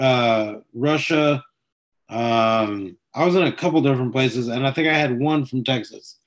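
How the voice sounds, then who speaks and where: A man of ordinary pitch hosts a casual live chat and talks to viewers as they join. His manner is chatty and welcoming, and he speaks into a phone or webcam mic. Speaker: livestream host.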